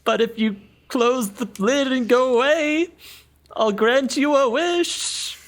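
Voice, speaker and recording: Timid barrel stowaway faking a ghost, high and giggly, as a male game master puts it on. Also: takes it slowly. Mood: fake spooky. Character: meek stowaway hiding in a barrel, pretending to be a scary ghost.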